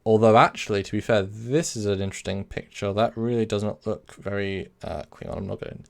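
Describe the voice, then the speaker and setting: A man's voice: on the low side, brisk, gravelly. A man hosting a casual live stream, rambling, correcting himself and answering chat messages. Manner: rambling, self-correcting, reads chat aloud.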